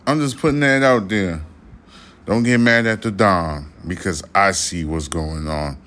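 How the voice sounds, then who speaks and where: Slow, low-voiced man ranting with slurs. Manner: loud swearing rants, slurred speech. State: slightly drunk. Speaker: podcast host. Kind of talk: casual ranting commentary. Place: studio room behind glass.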